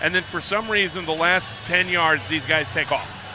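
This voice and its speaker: A man doing live color commentary at a swim meet, excitable and joking, often raising his voice. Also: fairly high pitch, moderate pace, over music. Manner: excitable, joking, raises voice over the crowd. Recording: loud crowd and pool noise.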